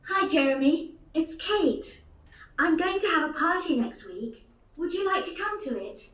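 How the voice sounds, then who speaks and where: A cheerful teenage girl in a textbook listening dialogue, bright and friendly with a high voice. It is played back in an echoing classroom and heard from a distance. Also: lively intonation, measured pace, heavily acted. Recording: roomy classroom playback from far off.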